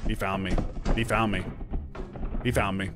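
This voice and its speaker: A man, chatting and swearing excitably while streaming a horror game. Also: fairly low pitch, normal speed, loud music behind the voice. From Michigan. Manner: excitable, swears a lot, laughs often. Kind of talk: gaming stream chat.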